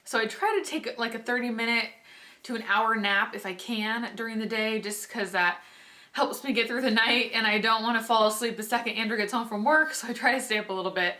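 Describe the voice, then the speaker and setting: Bright-voiced chatty pregnant woman. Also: fairly high pitch, fairly quick. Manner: chatty, lots of "like" and restarts, laughs while talking. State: heavily pregnant. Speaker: vlogger. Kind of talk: casual chat to camera.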